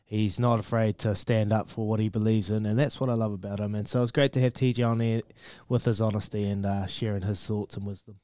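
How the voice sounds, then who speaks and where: A man's voice: on the low side, flat delivery, brisk, few pauses, dark tone, no echo, clean studio sound. Laid-back New Zealand radio host, man. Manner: laid-back, calls everyone mate. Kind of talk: casual radio banter. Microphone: studio mic, dry.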